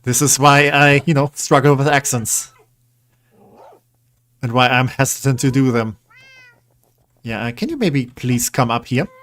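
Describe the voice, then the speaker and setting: Male game streamer, mid-pitched, casual and rambling, coaxes pets, easygoing chat. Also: level tone, a little slow, pauses often, a bit bright. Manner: chatty, rambling, coaxing pets. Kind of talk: casual gameplay commentary.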